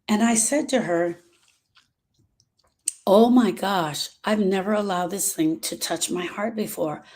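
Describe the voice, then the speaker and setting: A middle-aged woman speaking as a grief specialist, talking earnestly to her followers and slowing down on emotional points. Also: mid-range voice, a little mellow. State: emotional, short of breath at moments. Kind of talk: personal talk to followers.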